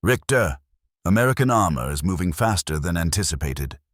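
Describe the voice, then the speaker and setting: A man's voice: low voice, expressive, normal speed, a bit bright, no echo, clean studio sound. A man voicing a stern, cold German colonel who speaks in clipped threats.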